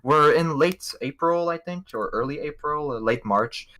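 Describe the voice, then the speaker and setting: A man's voice: fairly high pitch, moderate pace, sharp tone. A young man from Montreal, hosting a casual podcast, telling rambling, profane, jokey travel stories. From Montreal, Canada. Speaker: podcast host. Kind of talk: casual storytelling chat.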